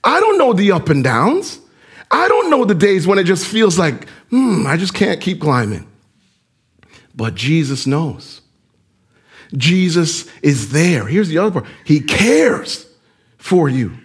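A male pastor preaching with a high, lively voice that swings up and down. His tone has a husky edge, and he often turns to the listeners with direct questions. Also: unhurried. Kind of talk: sermon.

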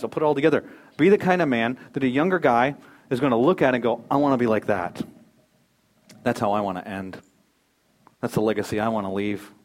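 Emphatic preaching pastor, man. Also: fairly high pitch. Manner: emphatic, rising to loud exhortation. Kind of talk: sermon.

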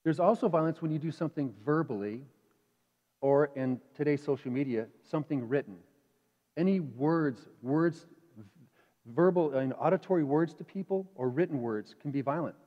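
Male pastor, sermon, fairly high voice, lively and chatty delivery; dull recording with long church-hall reverb. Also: normal speed. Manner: animated, acts out inner voices; conversational, asks the congregation questions. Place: church sanctuary.

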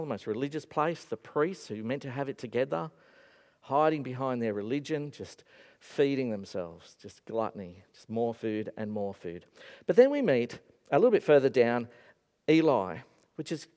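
A male preacher giving an animated, storytelling sermon in a church. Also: medium pitch, moderate pace. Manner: animated storytelling with acted-out voices. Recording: echoey hall.

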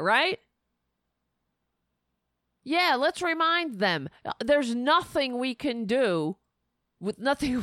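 A woman hosting a political talk show, tired and sleepy, sliding into sarcastic, animated rants. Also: sits high, no echo, studio quality. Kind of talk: casual political commentary.

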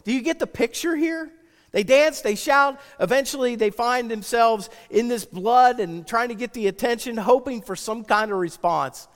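A man preaching a sermon as pastor, swinging from loud, excited storytelling to hushed, intense appeals. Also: very high-pitched, normal speed, long reverb tail.

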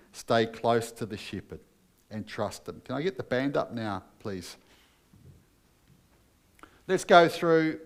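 A man preaching a sermon as pastor, earnest and emphatic, putting questions to his listeners. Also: medium pitch.

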